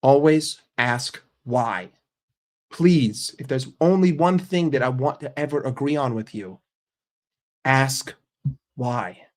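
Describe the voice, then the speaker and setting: A man's voice: mid-range voice, slow pace. An American man ranting as a football fan vlogger, emphatic and profane. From United States.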